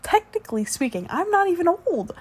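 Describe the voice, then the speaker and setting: A woman's voice: extremely high pitch, big pitch swings, fairly quick. A woman in her twenties doing a whispered role-play as the listener's sleepy, chatty fiancée, rambling between yawns.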